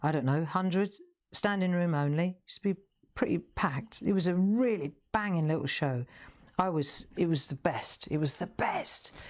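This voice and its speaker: A woman hosting a live craft stream, telling rambling anecdotes as she colours. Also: deep voice. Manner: rambling, chatty storytelling with laughs. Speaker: craft show host. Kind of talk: casual live-stream chat while colouring.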